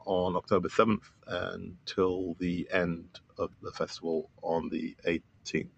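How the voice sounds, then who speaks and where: A man's voice: sits low, flat delivery, unhurried, gravelly, dull audio. A man guest on a podcast, talking casually and enthusiastically with many fillers about his film. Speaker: filmmaker guest.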